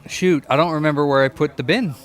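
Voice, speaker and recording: Speaking fast in a fairly high voice, a young repair-shop owner livestreams as he works. He rambles and curses while searching for parts, addressing both himself and his chat.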